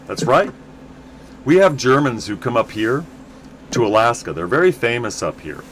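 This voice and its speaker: A man's voice: medium pitch, very animated, moderate pace, long pauses, fairly bright tone, slight background noise. A middle-aged man from the United States, chatting in a rambling, casual way while streaming a game. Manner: rambling, chatty, many restarts.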